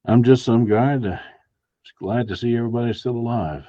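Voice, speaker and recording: A man at a tabletop game with a husky, lowish voice, trading wry jokes. The sound is dull and lo-fi, dry and close. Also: normal speed, mellow, dry recording. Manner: wry, joking. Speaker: player. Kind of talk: casual play.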